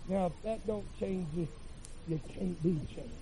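A man preaching a revival sermon in a church, chanting phrases with "uh" fillers and rising to shouts. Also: high voice, measured pace, muffled recording, noisy background.

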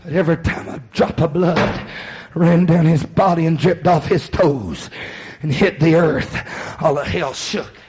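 A man's voice: on the high side, steady tone, a little slow. A man preaching a sermon, telling the story dramatically and acting out the voices he quotes. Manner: rhythmic chanted preaching with breathy "uh" between phrases. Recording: muffled recording with faint hiss.

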